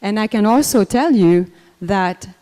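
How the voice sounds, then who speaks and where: An older woman speaks at a memorial in a warm, mellow voice, taking her time and filling gaps with ums and restarts. Her voice rings with a long reverb in a temple hall. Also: medium pitch. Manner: unhurried, conversational, many fillers and restarts. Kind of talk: personal memorial talk.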